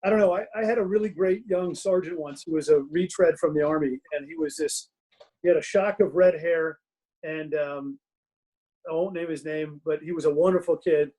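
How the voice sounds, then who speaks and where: Chatty middle-aged man, slightly high voice. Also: normal speed, mellow, low-quality recording. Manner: chatty, self-mocking, laughs through anecdotes. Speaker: guest author. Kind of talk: casual storytelling interview. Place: home den.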